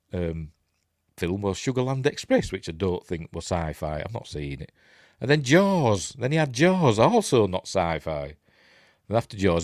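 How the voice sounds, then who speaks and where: A man's voice: fairly low pitch, dry recording, studio quality. A man with a Yorkshire accent hosting a casual film news live stream, reading articles aloud and breaking off into rambling, chatty asides.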